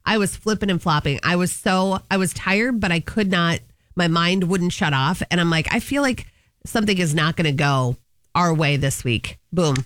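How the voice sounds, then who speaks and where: A woman's voice: on the low side, moderate pace, fairly bright tone, no echo. Chatty woman telling stories, dry studio sound. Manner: chatty storyteller, laughs often. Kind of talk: casual chat.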